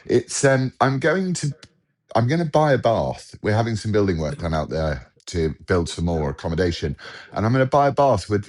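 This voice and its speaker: A man's voice: fairly low pitch, a little mellow. An English man with a British accent, co-hosting a podcast over a video call in a joking, self-deprecating, bantering way. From England. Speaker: podcast co-host. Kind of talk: casual chat on a video call.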